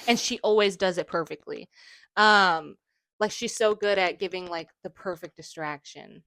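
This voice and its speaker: A woman's voice: on the low side, normal speed, a bit bright, no room sound. A young woman co-hosting a podcast, chatting casually and retelling scenes with giggles and lots of fillers. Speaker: podcast co-host. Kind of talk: casual chat.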